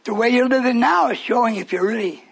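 A man's voice: extremely high pitch, fast, vocal fry, a bit bright, husky. An older man preaching a fervent, rambling radio sermon to his congregation in a church hall, breaking off into stories.

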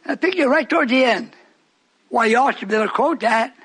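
An older male preacher delivers a fervent, rambling radio sermon to a church congregation. His voice sits very high and sounds husky and breathy. He drifts into stories and asides as he goes. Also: a little fast, a bit bright.

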